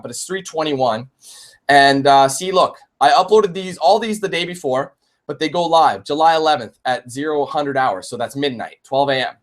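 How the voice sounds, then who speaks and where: A man in his twenties chatting on a live-streamed Q&A, animated, swearing and laughing often. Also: fairly high pitch. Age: 20s. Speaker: YouTube gamer and streamer.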